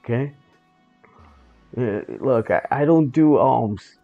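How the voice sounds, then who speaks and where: A man's voice: medium pitch, animated, takes it slowly. A man telling a gaming story in a blunt, sarcastic, swear-heavy way, over a dull lo-fi recording with faint music. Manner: blunt, sarcastic, swears freely, restarts often. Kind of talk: casual profane storytelling.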